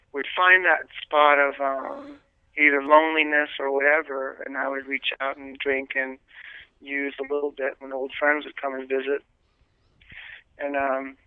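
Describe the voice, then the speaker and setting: A man, a priest, earnestly telling his life story as an interview guest, pausing often with fillers and restarts. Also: on the high side, clear, resonant tone, no room sound. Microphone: telephone. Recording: tinny dry phone line.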